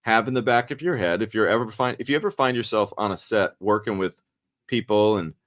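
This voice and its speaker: Swearing, animated male storyteller. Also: lowish voice, fairly quick, no echo, studio quality. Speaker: podcast host and actor. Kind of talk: casual storytelling chat.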